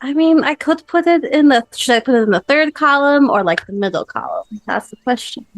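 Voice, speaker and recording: A woman's voice: high voice, lively intonation, fairly quick, no room sound. A woman playing in a tabletop role-play, earnest and playful, insisting she plays fair. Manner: earnest, playful, defensive when teased. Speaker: player.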